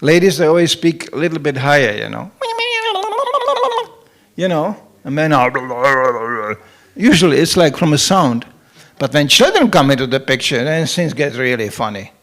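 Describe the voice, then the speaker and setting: Lively, gravelly-voiced middle-aged man joking through a scripture class. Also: medium pitch, moderate pace. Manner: animated, joking storyteller acting out quoted voices. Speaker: temple president giving a scripture class. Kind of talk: humorous scripture lecture. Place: temple hall.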